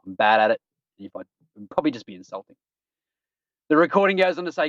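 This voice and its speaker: A cheeky Australian man hosts a podcast and riffs on strange news stories, chuckling at his own jokes. His voice sits at an ordinary middle pitch and sounds dry, with no room around it. The stream audio is dull and lo-fi. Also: very animated, fast talker, long pauses, a bit bright, no echo. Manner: cheeky, jokey, laughs at his own puns. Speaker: podcast host. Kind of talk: casual news-roundup chat.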